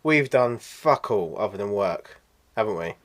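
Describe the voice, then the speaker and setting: A man's voice: lowish voice, lively intonation, unhurried. A man co-hosting a casual podcast, blunt and mocking, swearing freely. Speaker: podcast co-host. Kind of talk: casual banter.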